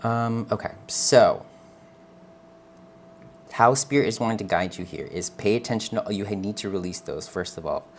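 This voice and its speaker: Deep-voiced man giving a gentle tarot reading. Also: moderate pace, a little hiss or hum. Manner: gentle, earnest, reassuring, checks in with "okay?"; calls the viewer honey and girl. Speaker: tarot reader. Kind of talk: live tarot reading addressed to viewers.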